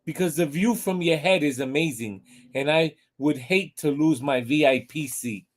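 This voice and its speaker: A man's voice: on the high side, moderate pace, close to an everyday voice. A man reading the lines of a cheerful little mouse in an animal joke. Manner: cheerful, breezy.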